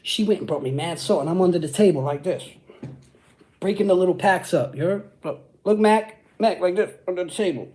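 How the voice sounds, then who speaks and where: A man's voice: high voice, a little fast, dark tone. A man from Brooklyn with a New York accent, hosting a livestream and answering chat in hyped, profane street talk. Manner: hyped, profane street talk with constant "you know what I'm saying". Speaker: channel host.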